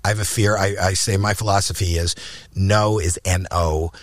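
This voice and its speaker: A man's voice: normal speed, no room sound. An older man from Canada, a podcast guest, telling stories in conversation, acting out quoted lines and often repeating and restarting words. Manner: animated, acts out quoted lines with rising pitch. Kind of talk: anecdotal storytelling in conversation.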